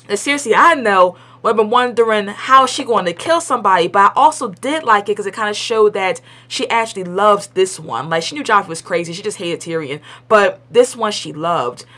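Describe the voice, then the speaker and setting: A young woman talks through an episode review from her home in a loose, rambling way, with plenty of "like" and restarts. She is blunt and opinionated and uses colloquial phrasing. Her voice sits at an ordinary middle pitch. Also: bright, forceful tone. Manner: chatty and rambling, full of "like" and restarts. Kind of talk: casual spoken review.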